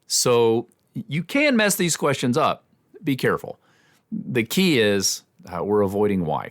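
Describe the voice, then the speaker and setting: Low-voiced male podcast host, measured. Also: no echo, clean studio sound. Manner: measured, explanatory, with small restarts. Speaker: podcast host and communication trainer. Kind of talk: instructional podcast talk.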